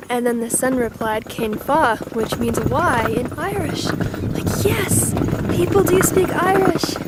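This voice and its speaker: A young woman talking to her camera while walking around outdoors, chatty and self-mocking, stumbling over her words when flustered. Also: fairly high pitch. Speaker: travel vlogger. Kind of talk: casual travel vlog. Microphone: handheld camera mic. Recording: wind-buffeted handheld camera audio. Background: loud wind on the mic.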